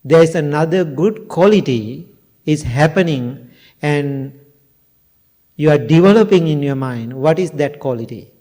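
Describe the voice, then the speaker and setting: An older monk gives an earnest dharma talk in a mellow, fairly high voice. He speaks slowly and simply, with broken grammar, and keeps asking the listeners questions. His tone is warm and easy. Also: lively intonation. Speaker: Buddhist monk and teacher. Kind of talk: dharma talk to a temple audience.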